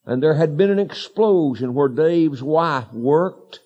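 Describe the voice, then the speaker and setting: High-voiced fiery evangelist man. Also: lively intonation, slow pace. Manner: folksy storytelling that builds to shouted declarations. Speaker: evangelist preacher. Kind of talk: fiery revival sermon. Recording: dull lo-fi sermon recording.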